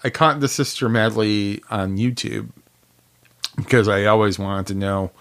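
A man co-hosting a podcast, chatting casually about music, laid-back and quick to laugh, with lots of filler words. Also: fairly low pitch, a bit bright, clear, resonant tone. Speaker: podcast co-host.

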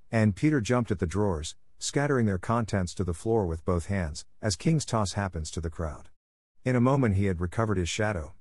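A man with a fairly low voice reads a children's storybook aloud at a measured, storyteller's pace. The recording is close and dry, with no room sound around the voice. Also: darkish tone, no room sound. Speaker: narrator. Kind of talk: audiobook narration.

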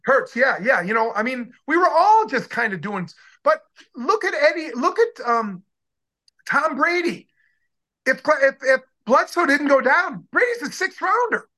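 A man in his sixties, a former football player, telling stories in a casual interview with excited, rambling talk and many restarts. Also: very high voice, measured pace.

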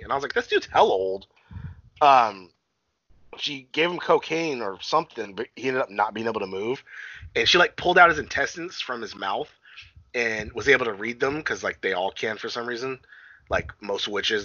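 A man rambling through a film recap with loose, swearing energy and a very bright, forceful voice that swings widely in pitch. The sound is dry and a bit dull, like a modest home setup. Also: dry recording. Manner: rambling, profane, laughing recap with acted-out quotes. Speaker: podcast co-host recapping a film. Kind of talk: casual chat.

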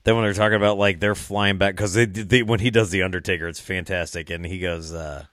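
A man's voice: low-pitched, fairly even intonation, brisk, fairly bright tone, no echo, studio quality. A man chatting as a guest on a casual podcast, rambling, laughing often and swearing freely.

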